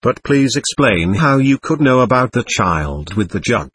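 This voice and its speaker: A man's voice: medium pitch, very animated, measured pace, fairly bright tone, husky, no echo, heavily acted. A skeptical young student, read by a man. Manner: blunt and indignant.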